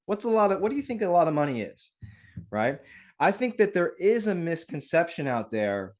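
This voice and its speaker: This real estate webinar is hosted live by a man whose voice sits a little high, moving at a normal speed. Upbeat and full of energy, he talks directly to viewers over a video call mic.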